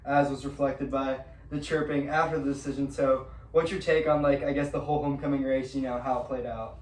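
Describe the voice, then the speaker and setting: A man's voice: medium pitch, flat delivery, a little fast, a little mellow. A young man co-hosting a podcast in casual chat, asking questions and chiming in with short remarks. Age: young adult. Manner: short interjections, chimes in. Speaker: podcast co-host. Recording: roomy echo, distant mic, faint noise.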